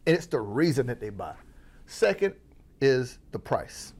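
A man from Florida coaching on business, talking to the audience as family with a playful, animated delivery. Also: mid-range voice, a little slow, slight background noise. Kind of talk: energetic motivational teaching.

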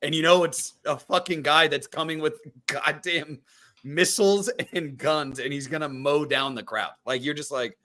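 A man's voice: fairly high pitch, steady tone, moderate pace, bright, forceful tone. A man co-hosting a podcast, telling things bluntly with a lot of swearing. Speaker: podcast co-host. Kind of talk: casual profane group chat.

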